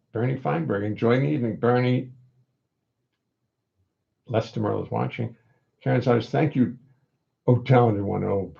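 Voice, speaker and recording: A man's voice: medium pitch, vocal fry. An older man hosting a home livestream, chatting casually and wryly reading out viewer comments. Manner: rambling, wry, reads viewer comments aloud. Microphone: computer audio input. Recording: dull lo-fi livestream audio.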